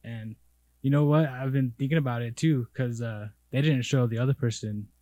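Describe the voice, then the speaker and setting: A man's voice: mid-range voice, normal speed, mellow, no echo. A man co-hosting a podcast in casual chat, laid-back and agreeable, using loose slang. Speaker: podcast co-host.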